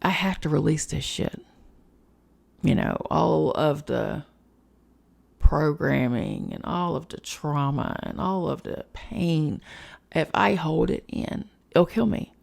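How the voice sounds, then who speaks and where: A woman's voice: low-pitched, slow pace, creaky, darkish tone. A woman hosting a spiritual podcast, talking in a frank, emotional personal monologue, swearing freely and chatting with lots of fillers.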